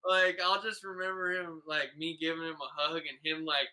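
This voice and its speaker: Here a male podcast host talks at normal speed in a slightly high, flat voice with a sharp edge, captured on poor audio. His storytelling chat is loose and rambling, peppered with swearing, "bro," and constant "like" and "you know."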